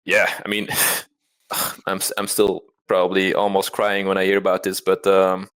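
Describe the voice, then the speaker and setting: A man's voice: deep voice, monotone, a little slow, fairly bright tone, smooth. A man interviewed about his trading past, talking candidly and self-deprecatingly, rambling with frequent restarts. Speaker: interview guest, trader.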